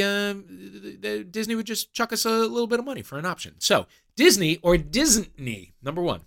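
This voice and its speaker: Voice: medium pitch, a bit bright. A quiz host on a comedic podcast, reading rounds with wry, playful jokes. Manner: wry, playful, jokey delivery.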